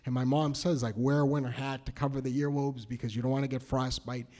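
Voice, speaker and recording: A man from New Hampshire telling a story on stage, nervous and halting, with many restarts. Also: medium pitch, little pitch movement, dark tone. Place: cultural center hall, live audience.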